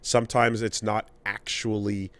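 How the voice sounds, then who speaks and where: Low-voiced man musing on a podcast. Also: level tone, unhurried, fairly bright tone, clear, resonant tone. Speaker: podcast co-host. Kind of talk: casual podcast chat.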